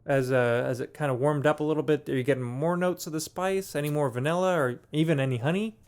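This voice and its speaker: A man's voice: fairly high pitch, fast talker, a little mellow. Playful young man hosting a podcast. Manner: playful, jokey, reads labels aloud. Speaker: podcast co-host. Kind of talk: casual chat and beer tasting.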